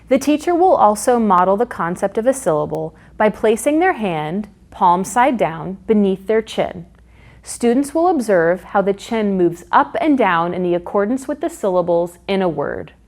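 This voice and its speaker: Slow, lively woman explaining phonics. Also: mid-range voice. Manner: slow, clear, sounding out syllables. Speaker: teacher trainer. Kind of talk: instructional narration.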